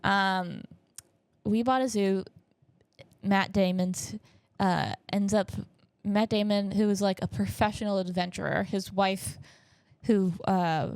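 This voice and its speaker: A woman's voice: medium pitch, steady tone, takes it slowly, a little mellow, clear, resonant tone, dry recording. Rambling young woman podcast host. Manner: rambling, self-correcting, jokey storytelling. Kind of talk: casual chat.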